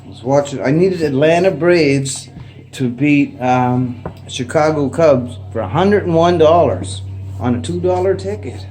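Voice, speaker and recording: Middle-aged Canadian man, slightly higher voice, loose rambling vlog chat. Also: measured pace, a little mellow, soft background music. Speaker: vlogger. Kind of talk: casual unscripted chat to camera. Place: indoors at home. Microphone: phone propped up facing him.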